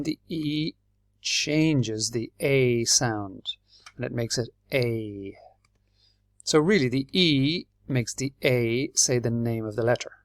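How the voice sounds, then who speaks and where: A man with an Irish accent teaching English, explaining patiently and clearly and spelling words out letter by letter. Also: mid-range voice, no echo, clean studio sound. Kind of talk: slow, clear classroom explanation.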